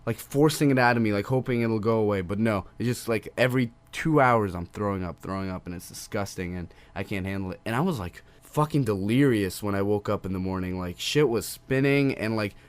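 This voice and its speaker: A man's voice: fairly low pitch, a little fast. A young man, a podcast co-host, casually telling a story and swearing constantly. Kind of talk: casual chat.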